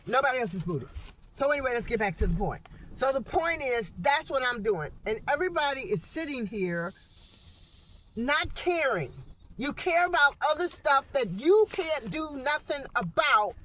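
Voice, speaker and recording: A woman talks heatedly into a phone from inside a small parked truck, rambling from one point to the next. Her voice sits a little high and swings widely in pitch as she vents, with a faint hum of background noise. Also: big pitch swings, moderate pace, fairly bright tone. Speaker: vlogger. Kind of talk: ranting vlog monologue.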